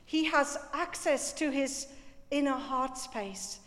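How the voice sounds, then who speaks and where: A woman preaching a sermon in a slow, measured, reflective way, lingering on key words. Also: high-pitched, fairly bright tone. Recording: reverberant church hall.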